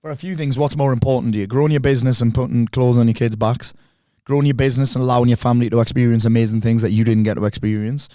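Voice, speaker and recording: A man, a podcast guest talking bluntly and fast, with lots of swearing. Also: mid-range voice, fairly even intonation, warm tone, dry recording. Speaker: podcast guest, speaker and coach. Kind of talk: candid conversation.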